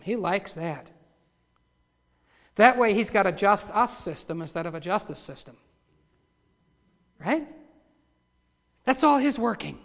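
Preacher man in a reverberant hall. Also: high voice. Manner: preaching, swelling to loud cries when reading scripture. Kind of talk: sermon.

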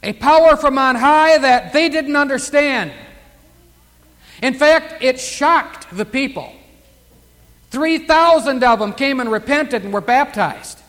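Fervent male preacher, high-pitched voice, long hall reverb. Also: slow pace, fairly bright tone. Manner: fervent preaching, surging emphasis on key words. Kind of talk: sermon.

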